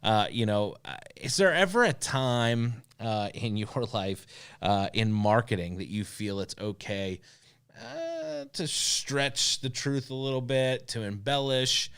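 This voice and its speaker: A man's voice: mid-range voice, big pitch swings, slow, a bit bright, clean tone. A man in his thirties co-hosting a studio talk show, rambling with many fillers and restarts. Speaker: co-host. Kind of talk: casual talk show chat. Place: radio studio.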